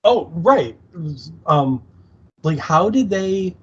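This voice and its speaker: Chill podcast guy, kinda husky, talks slow n jokes around, trails off a lot. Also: sits high, sing-song, lo-fi sound. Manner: laid-back, joking, trails off mid-sentence. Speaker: podcast co-host. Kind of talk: casual chat recapping a TV episode.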